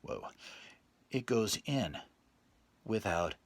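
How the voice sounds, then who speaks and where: A man's voice: big pitch swings, extremely slow, vocal fry, heavily acted. A man playing a smug sleazy pickup guru. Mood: smooth. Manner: drops to low murmurs, bursts into loud scat exclamations. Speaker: self-styled dating coach. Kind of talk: parody self-help lecture.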